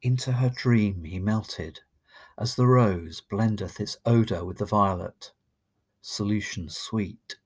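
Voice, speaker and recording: A man reading a long narrative poem aloud in a measured, expressive way. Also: lowish voice, slightly rough. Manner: slow, measured, expressive recitation. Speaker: poetry reader. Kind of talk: dramatic poetry reading.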